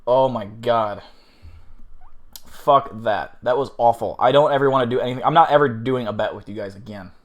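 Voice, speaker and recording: A man's voice: mid-range voice, moderate pace. Rambling, cursing male streamer. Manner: rambling, profane, self-deprecating. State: flustered after eating something awful. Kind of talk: casual live-stream chat.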